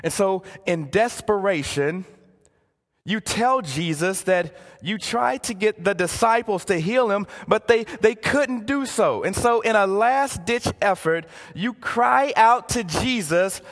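A male pastor preaching with a high, lively, swooping voice and unhurried pace. He turns dramatic and sinks to near-hushed words for emphasis. His voice rings with the long reverb of a large church hall. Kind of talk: sermon. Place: church sanctuary.

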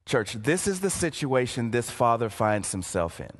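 A man preaching a sermon as a pastor, dramatic in delivery, dropping to hushed phrases to stress a point. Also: mid-range voice, very animated, normal speed, in a large hall. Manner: dramatic, drops to near-hushed phrases for emphasis. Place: church sanctuary.

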